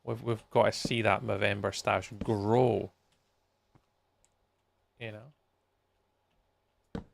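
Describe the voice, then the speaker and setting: A man's voice: on the low side, level tone, very slow, vocal fry. A man chatting casually with viewers on a live game stream, tired and yawning as he reacts to messages while he plays.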